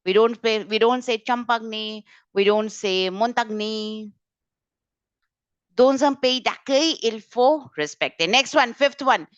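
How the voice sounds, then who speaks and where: A woman leads an online language class over a video call, her voice sitting fairly high. She talks in a brisk, corrective way, often repeating key points. The sound is dry and close, with no room echo. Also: expressive, lo-fi sound. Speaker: French teacher. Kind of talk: online exam-prep class.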